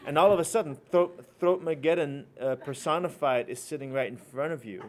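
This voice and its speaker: A man's voice: on the high side, fairly quick, hardly any pauses, background noise. A man giving a teaching lecture, telling a casual anecdote and acting out both doctor and patient.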